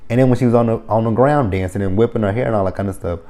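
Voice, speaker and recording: Give me a man recapping reality TV in a loose, unscripted way. His voice sits a little low and sounds dark and mellow, and he swears bluntly between filler words. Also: racing. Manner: blunt, heavily profane, full of fillers. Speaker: reality TV reviewer. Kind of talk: casual opinionated commentary. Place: lives near the area the show covers.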